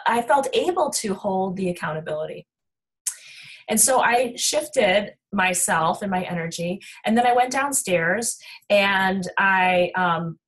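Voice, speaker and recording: A middle-aged woman clinician hosting a webinar, talking reflectively with many fillers as she answers questions. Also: medium pitch. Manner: warm, reflective, many "um"s and "you know"s.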